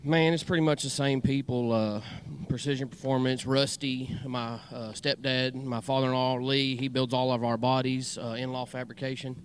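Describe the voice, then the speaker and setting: A man's voice: mid-range voice, little pitch movement, moderate pace, hardly any pauses, clear, resonant tone. A man with a Southern US accent, a winning race driver, giving a plainspoken post-race interview and thanking his crew and family. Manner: plainspoken, grateful, many fillers. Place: outdoors at a race track.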